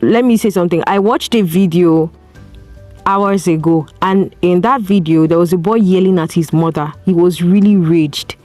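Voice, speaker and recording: A woman's voice: on the low side, moderate pace, a little mellow, no room sound, soft background music. A woman with a Nigerian accent hosting an advice podcast, speaking earnestly and piling up rhetorical questions. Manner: earnest, preachy, asks strings of rhetorical questions. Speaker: podcast host. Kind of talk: solo advice talk.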